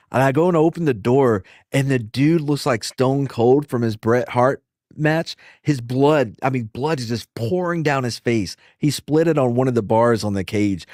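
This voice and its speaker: A man casually telling profane, animated stories and acting out the quotes, as a podcast host. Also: medium pitch, no room sound, studio quality. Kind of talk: casual storytelling.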